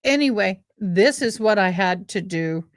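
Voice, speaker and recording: Woman hosting a relaxed livestream chat, speaking slowly in an unhurried drawl, rambling along and breaking off into exclamations. The sound is dry and close, with little room tone around her voice. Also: mid-range voice, no room sound. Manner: rambling, exclaiming, self-interrupting. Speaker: livestream host.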